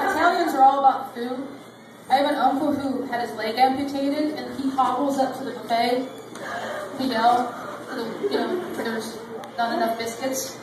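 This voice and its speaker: A woman in her thirties stands on a comedy club stage doing a rambling set full of self-deprecation, speaking in a high-pitched voice. Audience laughter and other background noise fill the echoey club, recorded from a distant mic.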